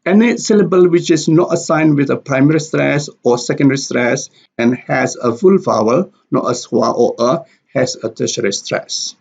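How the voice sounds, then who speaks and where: A man teaching English pronunciation, explaining stress and repeating example words slowly and deliberately. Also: medium pitch, vocal fry, darkish tone, breathy edge. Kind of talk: slow explanatory lesson with spoken examples. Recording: dull lo-fi recording.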